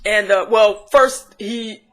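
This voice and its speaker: Woman doing a chatty show recap, keeps restarting and giggling, ordinary pitch. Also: fairly even intonation, slow. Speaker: show reviewer. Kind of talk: casual scene-by-scene recap.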